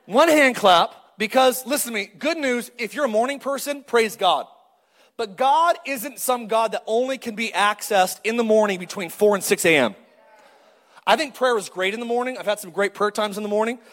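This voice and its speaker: A middle-aged male pastor preaching a lively, joking sermon and calling out to the congregation. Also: high voice, normal speed, in a large hall. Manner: animated, joking, calls for crowd response.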